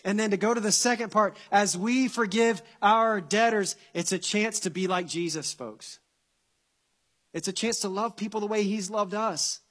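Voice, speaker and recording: A man with a notably high voice delivers a sermon. He speaks earnestly and presses his points through repetition, rising into impassioned emphasis before settling into prayer. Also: fairly bright tone. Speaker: pastor.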